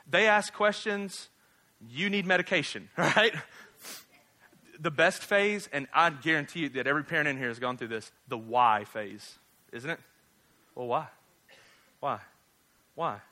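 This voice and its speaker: Guy pastor in his 30s, joking around mid sermon, bright cutting voice, slightly high. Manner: joking, conversational, rhetorical tag questions. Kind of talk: casual humorous sermon.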